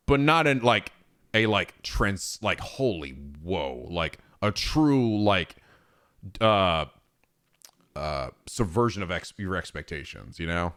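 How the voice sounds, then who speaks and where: Male streamer, low voice, loose and profane, keeps restarting sentences. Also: lively intonation, slow, a bit bright, clean tone. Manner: rambling, profane, many fillers and restarts. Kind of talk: casual chat on stream.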